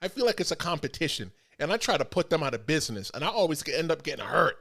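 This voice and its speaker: Animated high-voiced man telling stories. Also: fast, vocal fry. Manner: animated storyteller, acts out quotes. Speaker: podcast host. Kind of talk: casual chat.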